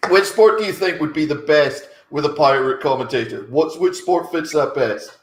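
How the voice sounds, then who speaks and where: Animated man in an echoey room. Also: on the high side, normal speed. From Scotland. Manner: animated, swears, laughs often. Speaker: comedy panelist. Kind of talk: casual comedy chat. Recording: roomy echo.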